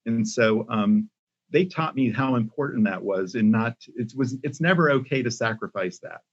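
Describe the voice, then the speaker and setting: An older man, a company CEO, speaking as a podcast guest in a measured way with many pauses and restarts. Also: mid-range voice, expressive. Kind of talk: casual interview talk. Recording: muffled lo-fi audio.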